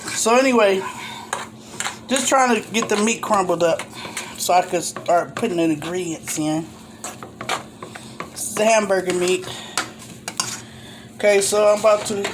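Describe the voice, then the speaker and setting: A woman's voice: medium pitch, background noise. An older woman hosting a home cooking show, chatting homily through each step as she cooks in her kitchen. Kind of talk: casual step-by-step cooking demo. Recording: kitchen clatter of pots and dishes. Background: cutlery and pots clanking.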